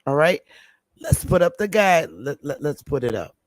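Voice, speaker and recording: A woman's voice: low voice, very animated, moderate pace. A middle-aged woman talks straight to her livestream viewers. She is emphatic and drives home her points by repeating them. The sound is close and dry, with no room echo. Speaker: livestream host.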